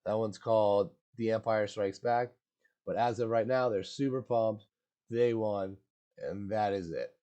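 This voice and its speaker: Laid-back slangy man, low mellow voice. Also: unhurried, lo-fi sound. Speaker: movie recap host. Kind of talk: casual movie recap.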